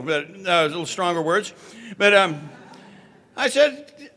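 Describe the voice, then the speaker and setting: A middle-aged man tells his story in a loose, conversational way, full of wry asides and fillers. His voice sits a little high and has a bright, forward edge. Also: animated, normal speed. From Southern California. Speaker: speaker sharing recovery story. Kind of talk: personal recovery talk.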